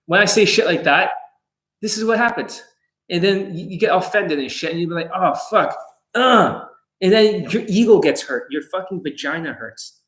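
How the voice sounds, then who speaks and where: Blunt, profane man on a livestream. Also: poor audio. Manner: blunt, heavily profane, confrontational; animated, swings between loud jabs and low asides. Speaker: dating coach livestreaming to viewers. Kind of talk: live stream rant, reading viewer comments.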